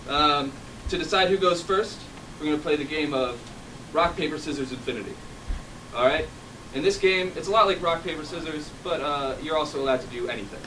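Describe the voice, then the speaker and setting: A man's voice: on the high side, fairly quick, bright, forceful tone. A man refereeing and hosting a live improv comedy show, playful and upbeat as he coaxes the crowd. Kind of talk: addressing a live audience. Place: theater stage. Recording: distant, noisy live room.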